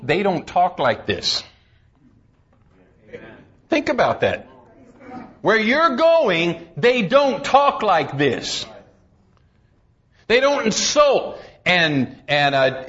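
A man preaches with a high voice that swings widely up and down, pressing his points hard. He reads scripture in a slow, solemn cadence and then drops low for emphasis. The recording sounds dull and lo-fi. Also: sing-song, fairly bright tone. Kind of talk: sermon.

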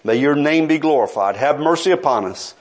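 A man's voice: fairly high pitch, animated, fairly quick. A middle-aged man preaching a sermon, telling a story with earnest, pleading intensity.

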